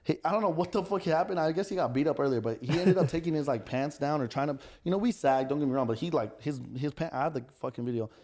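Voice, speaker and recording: A young man, telling stories in casual podcast chat, animated and profane. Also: a little high, quick pace, hardly any pauses. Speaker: podcast guest, restaurant owner.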